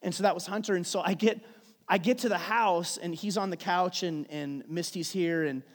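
A pastor with a high voice preaches a sermon at normal speed, telling a family story conversationally and restarting often. The recording carries long hall reverb, fitting a sermon woven with personal stories.

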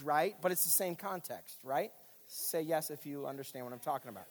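Male pastor, high pitch, explaining patiently, lingering reverb around him. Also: expressive, normal speed. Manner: explanatory, speaks directly to listeners with frequent checks. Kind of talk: teaching sermon.

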